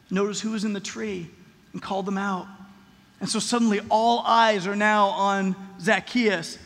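High-voiced pastor preaching in a reverberant hall. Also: male voice. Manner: animated, acts out voices of characters. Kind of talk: sermon.

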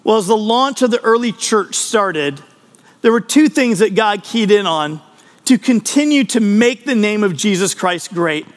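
A man's voice: high-pitched, expressive, measured pace, in a large hall. A man giving a conversational podcast sermon as a pastor, earnest and personal, often restarting his sentences.

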